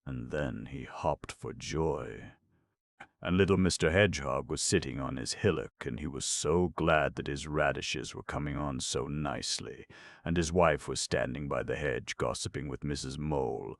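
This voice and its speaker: A man reading a novel aloud as an audiobook narrator, slow and solemn, on a close mic. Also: extremely low pitch, gravelly, no room sound. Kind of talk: scripted narration.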